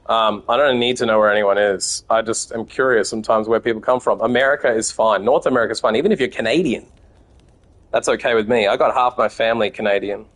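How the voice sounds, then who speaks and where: A man's voice: fairly low pitch, fast talker, a bit bright. An Australian man streaming a card game, chatting with viewers and swearing freely as he plays. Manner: chatty and profane, talking to chat. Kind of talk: casual gameplay commentary.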